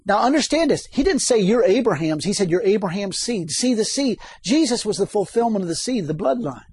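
A man's voice: very high voice, lively intonation, fairly quick, a little mellow, slight background noise. A man preaching a sermon, reading scripture aloud and asking the congregation questions.

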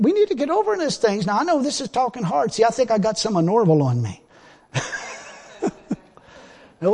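A male preacher with a high-pitched, slightly husky voice delivers a sermon in plain, folksy grammar. He swings from loud, pressing exhortation to quiet, confiding asides. His voice carries the long reverb of a church hall.

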